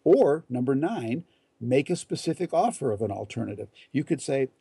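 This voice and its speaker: A man with a gravelly, husky voice talks through a numbered list of advice at a measured pace. His tone is dark and mellow, and the recording is dry and close. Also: mid-range voice, lively intonation, no echo. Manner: measured, deliberate delivery with quoted example lines. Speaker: etiquette instructor. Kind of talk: numbered advice talk to camera.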